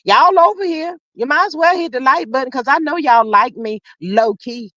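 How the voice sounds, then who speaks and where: High-voiced woman livestream host. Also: normal speed, dry recording, lo-fi sound. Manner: drawling Southern slang, says child a lot, reads comments aloud; swings between loud calls and low murmurs. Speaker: livestream host reading chat. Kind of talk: casual gossip livestream chat.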